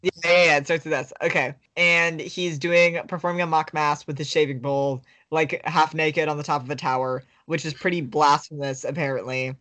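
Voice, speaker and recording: A woman's voice: deep voice, steady tone, normal speed, hardly any pauses, fairly bright tone. Rambling woman podcast co-host. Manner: rambling, filler-heavy recap. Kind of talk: casual chat summarizing a book.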